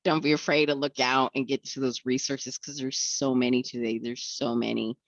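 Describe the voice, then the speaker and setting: A woman's voice: a bass voice, level tone, moderate pace, dry recording, dull audio. A woman telling her recovery story in a podcast interview, speaking in an earnest, reflective way. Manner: reflective, earnest, acts out quoted voices. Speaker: guest. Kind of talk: candid personal recovery story.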